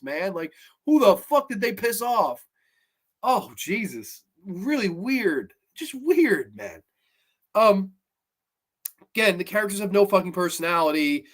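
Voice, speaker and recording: A man talks through his horror movie review show in a casual, unscripted rant. He is blunt and profane, and he sounds plainly exasperated. His delivery swings into sudden loud outbursts of disbelief. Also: sits high, a little slow. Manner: animated, with sudden loud bursts.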